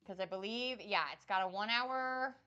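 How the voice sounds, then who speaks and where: A woman cooking on a live stream, chatting in an excitable, bubbly way with a slight lisp. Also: mid-range voice, normal speed, clean tone, dull audio, faint music behind. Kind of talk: casual live-stream chat.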